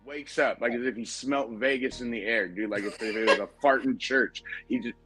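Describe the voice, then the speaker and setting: A man's voice: medium pitch, normal speed, pushed and bright, faint music behind. A man telling a rambling, profane story in casual podcast chat, acting out the lines of his friends. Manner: profane, rambling anecdote with quoted dialogue. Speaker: podcast host.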